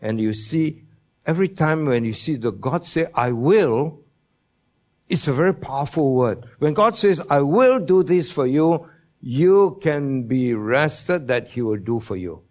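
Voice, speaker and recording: Quizzing his audience as he goes, a man preaches a Bible teaching sermon in a mid-range, expressive, somewhat mellow voice. He moves slowly and deliberately, putting weight on each promise he quotes.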